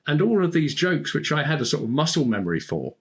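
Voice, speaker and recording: Lively storytelling man, mid pitch. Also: quick pace. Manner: animated, laughs often while telling stories. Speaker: podcast guest, speaking coach. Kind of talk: storytelling in conversation.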